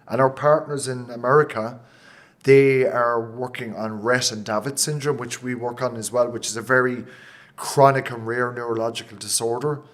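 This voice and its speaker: A man with an Irish accent, a company founder answering interview questions in a passionate, emotional way, with quick bursts and many restarts. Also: medium pitch. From Ireland. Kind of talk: interview conversation.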